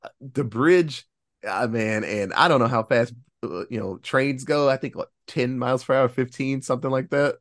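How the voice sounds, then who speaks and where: A man co-hosting a podcast, casually recapping a film's plot with lively storytelling, acting out the characters' lines and throwing in sarcastic cheers and the odd swear. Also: mid-range voice, normal speed. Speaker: podcast co-host reviewing a film.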